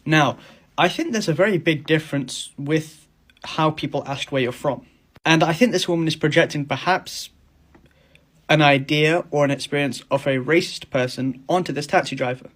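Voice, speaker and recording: A man's voice: fairly high pitch, moderate pace. A man, commenting on a video in a chatty, rambling way. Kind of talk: reaction commentary.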